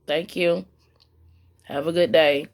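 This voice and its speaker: A woman's voice: sits low, steady tone. A woman hosting a casual step-by-step craft tutorial, talking unhurriedly with an itchy throat from allergies. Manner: unhurried, plain instructional talk.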